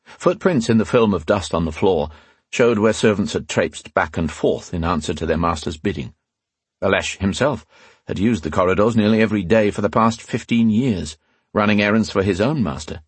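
Reading at normal speed with no room sound, a male audiobook narrator performs a fantasy novel in a husky voice. He marks the dialogue with slight changes in pitch.

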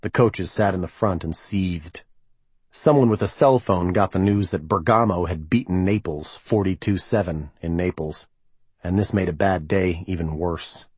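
A man narrating a novel as an audiobook reader, in a measured, even storytelling manner. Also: sits low, breathy edge, no room sound. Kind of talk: scripted narration.

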